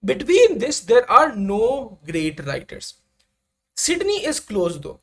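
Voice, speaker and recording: A young woman gives a live online lecture. Her voice sits fairly high and moves animatedly up and down. She keeps checking on her listeners with a quick "right?". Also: wildly swooping pitch, a bit bright. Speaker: exam-prep lecturer.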